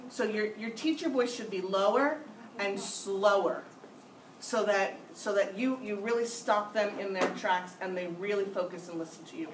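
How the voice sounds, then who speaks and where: A woman's voice: medium pitch, normal speed, background noise. Firm woman lecturing in an echoey room. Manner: firm, emphatic, repeats key points. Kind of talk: classroom discussion. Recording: echoey room, mic far off.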